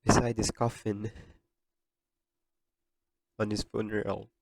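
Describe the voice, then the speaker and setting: Earnest, emotional young man, low voice. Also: level tone, slow, vocal fry, slight background noise. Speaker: podcast host. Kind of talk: heartfelt podcast monologue.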